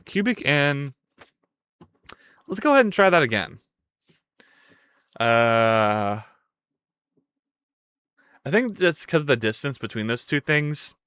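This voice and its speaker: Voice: mid-range voice, sing-song, slow, pauses often, a bit bright, smooth, no echo. A live streamer thinking aloud while coding, who is playful with viewers and yelps and swears when things break. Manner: playful, chats with viewers between tasks.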